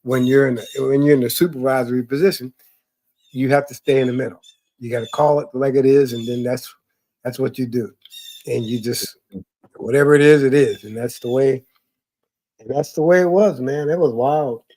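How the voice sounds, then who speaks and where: A man's voice: medium pitch, steady tone, normal speed, dark tone. A man telling loose, profane stories in casual chat, rambling with fillers and laughing often. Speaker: podcast talker.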